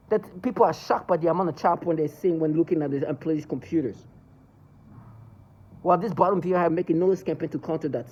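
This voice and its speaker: A man's voice: on the high side, darkish tone, lo-fi sound. A man ranting angrily in a monologue to camera, cursing and agitated. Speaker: vlogger.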